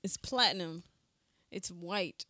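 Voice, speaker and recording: A woman's voice: lowish voice, takes it slowly, sharp tone, dry recording, clean studio sound. A young woman co-hosting a podcast in casual chat, playful and laughing often. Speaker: podcast co-host.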